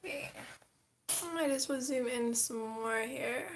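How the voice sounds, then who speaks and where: Her voice sitting high and her pace measured, a woman hosts a casual livestream indoors at her home desk. She chats with her viewers and speaks to her cat. The recording sounds echoey, with faint noise in the background.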